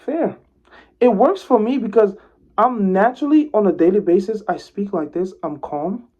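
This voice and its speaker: A man talks to camera in a mellow, dark voice, one moment loud and animated, the next soft and hushed. He moves toward and away from the camera as he speaks. The camera audio is slightly dull and lo-fi. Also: sits high, normal speed. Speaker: vlogger giving advice. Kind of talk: motivational talk to camera. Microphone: camera mic, speaker moving closer and farther.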